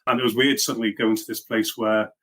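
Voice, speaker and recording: Fast-talking man with Liverpool-Welsh accent. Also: on the low side, flat delivery, a bit bright. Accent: mixed Liverpool and Welsh. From Liverpool, England. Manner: chatty, self-deprecating, many fillers and restarts. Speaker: guest, software engineering leader. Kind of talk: casual interview chat.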